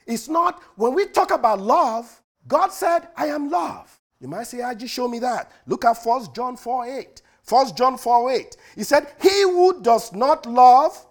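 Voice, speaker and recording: Male preacher, sermon, high voice, lively swooping pitch, loud-to-hushed delivery.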